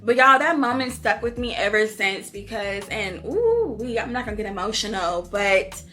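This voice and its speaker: A woman's voice: medium pitch, big pitch swings, normal speed, sharp tone, soft background music. A woman vlogger telling personal stories to her viewers in a candid, casual way, laughing often and calling them y'all. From not from Houston. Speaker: book review vlogger.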